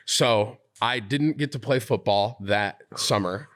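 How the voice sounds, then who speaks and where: A man in his twenties from upstate New York, a streamer guest telling a funny childhood story in a relaxed, self-deprecating way. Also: lowish voice, slow, hardly any pauses. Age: 20s. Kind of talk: casual podcast chat, storytelling.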